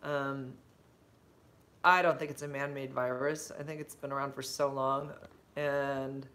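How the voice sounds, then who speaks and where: Speaking a little slowly at an extremely low pitch, a livestreaming vlogger and substitute teacher chats into her phone, drifting across stories and viewer comments. She loses her thread often, leaning on ums and likes, and gushes with big bright jumps whenever something excites her.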